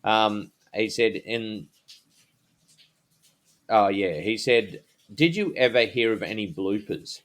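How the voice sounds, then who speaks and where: A man co-hosting a casual podcast, rambling a little as he introduces the next topics. His voice sits fairly low. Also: slow, long pauses, fairly bright tone. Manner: rambling, full of fillers and restarts. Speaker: podcast co-host. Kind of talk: casual chat.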